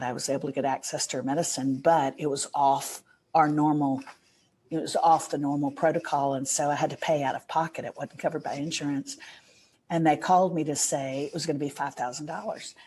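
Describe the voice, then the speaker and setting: A woman's voice: low voice, a little mellow, slight background noise. A middle-aged woman, a podcast guest, telling an earnest and emotional story in a casual interview.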